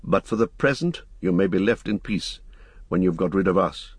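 Man reading as a grave ranger in an audiobook, low and steady, husky, calm commanding tone. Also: normal speed, dry recording. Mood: firm. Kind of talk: audiobook character voice.

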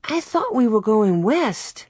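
A woman's voice: on the high side, sing-song, slow pace, darkish tone, husky, no echo, clean studio sound, voice pushed up, exaggerated voice. A woman reading an audiobook voices an earnest young pioneer girl who describes what she sees aloud. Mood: puzzled. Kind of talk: audiobook character voice.

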